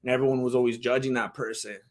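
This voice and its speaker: A man's voice: medium pitch, flat delivery, fast talker. A man, chatting casually with his live-stream audience in a heartfelt, rambling way. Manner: heartfelt, rambling, talks straight to chat.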